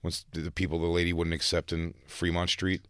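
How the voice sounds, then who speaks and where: Deep-voiced man telling a rambling story. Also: monotone, fairly quick, a bit bright, clear, resonant tone, no room sound, clean studio sound. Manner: rambling storyteller, self-deprecating. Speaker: radio show co-host. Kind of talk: casual studio banter. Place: radio studio. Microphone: studio microphone.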